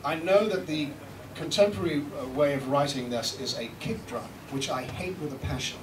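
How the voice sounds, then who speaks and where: A British man with a voice on the high side, speaking at a moderate pace, gives a live seminar and demo to an audience. He is a recording engineer acting as presenter, chatty and joking with some light swearing. The recording is echoey and distant, with background noise.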